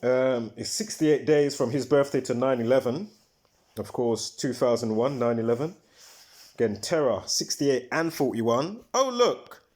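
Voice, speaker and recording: A man hosts a live stream in a loose, conversational way, with a voice of ordinary middle pitch. He rambles from point to point and stresses his words emphatically. He often stops mid-thought to search his memory for a detail. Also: unhurried, darkish tone. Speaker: livestream host. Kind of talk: casual livestream commentary.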